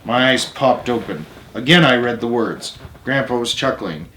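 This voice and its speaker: A man reads a novel aloud in a mid-pitched voice, steady and plain, fixing small slips as he goes. His voice carries a roomy echo. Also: moderate pace, slight background noise. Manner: plain steady reading with small self-corrections. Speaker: storyteller.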